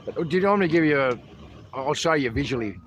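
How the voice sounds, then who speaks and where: Joking Australian bloke livestreaming outdoors. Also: male voice, on the high side, lively intonation, fast talker. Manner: joking, chatty, calls everyone mate. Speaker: livestream host. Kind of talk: casual outdoor livestream chat. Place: outdoors at a protest camp. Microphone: handheld microphone. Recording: noisy outdoor stream.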